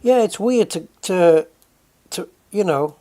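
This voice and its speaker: This high-voiced British speaker from the UK chats slowly and expressively while streaming a game, sounding warm and mellow. Drifting between musings, he welcomes viewers by name and often stops to fix what he was saying mid-thought.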